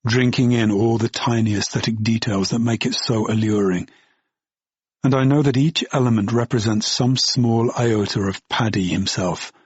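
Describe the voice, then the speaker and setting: A man's voice: fairly low pitch, slightly rough, no echo, lo-fi sound. A man narrating an audiobook in the first person, in a brooding, bitter tone.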